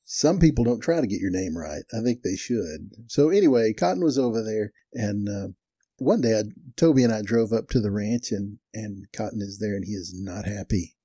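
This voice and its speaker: An older man tells a ranch story in a folksy, chuckling way. His voice is low, very dark and a little husky. The recording is close and dry, with no room sound. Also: normal speed, dry recording. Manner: folksy, chuckling, animated in quoted dialogue. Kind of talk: casual storytelling.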